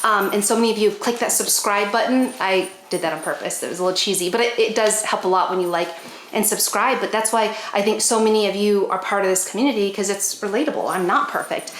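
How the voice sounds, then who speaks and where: A woman's voice: mid-range voice, fast. A woman chatting casually to her viewers while doing chores at home, talking to her dogs now and then. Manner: chatty, talks to her dogs in a bright coaxing voice. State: a bit out of breath from chores. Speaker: pet vlogger. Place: bedroom at home. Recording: echoey room, faint noise.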